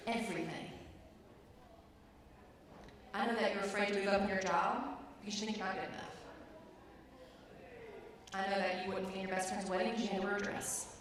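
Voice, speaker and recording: A woman's voice: mid-range voice, natural voice. Woman playing a harsh confrontational female trainer, mocking, echoey room, distant mic.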